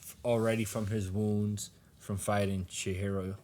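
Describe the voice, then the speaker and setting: A man's voice: on the low side, little pitch movement, moderate pace, a little mellow, slight background noise. A man co-hosting a podcast, casually recapping a comic, rambling and laughing often as he acts out lines. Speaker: podcast co-host.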